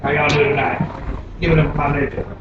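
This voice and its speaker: A man's voice: on the high side, fast, dull audio. Man doing stand-up, very echoey club. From Florida. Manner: animated storytelling, laughs at his own jokes. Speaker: stand-up comedian. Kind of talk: stand-up comedy set. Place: comedy club stage. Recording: very echoey club, taped from far off, noisy.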